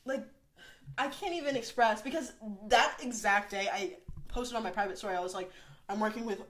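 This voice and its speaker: A young woman hosting a podcast and retelling workplace drama in a loose, rambling way. She keeps slipping into quick quoted lines from other people and stacks up fillers as she talks. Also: a little high, slight background noise. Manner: animated storytelling with frequent fillers and quoted asides. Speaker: podcast host. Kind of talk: casual chat.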